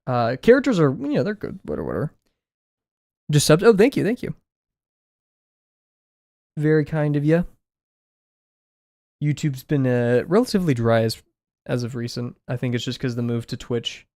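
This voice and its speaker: A man's voice: medium pitch, animated, moderate pace, long pauses, warm tone, no echo. Man, casual livestream chatter, slightly scratchy voice, dry close sound, rambling and jokey. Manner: rambling, self-deprecating, chatty. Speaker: art livestreamer. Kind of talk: casual live-stream chat while drawing. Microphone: desk mic, no camera.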